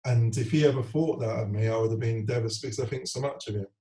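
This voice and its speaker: A man's voice: medium pitch, fast talker, low-quality recording. A former footballer in his forties, talking candidly in an interview and retelling events earnestly, often acting out what others said. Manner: earnest, animated retelling with quoted voices.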